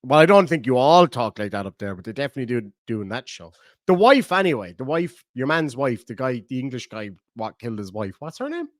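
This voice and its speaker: With big pitch swings in a medium-pitched voice, a middle-aged Irish streamer talks briskly, rambling and joking as he reads his viewers' comments. It's casual, chatty livestream talk, recorded to studio quality without any room sound.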